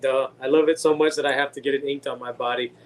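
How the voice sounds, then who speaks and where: A man's voice: medium pitch, steady tone, fast, slight background noise. A man co-hosting a podcast, chatting loosely and enthusiastically and swearing freely. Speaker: podcast co-host. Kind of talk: casual chat.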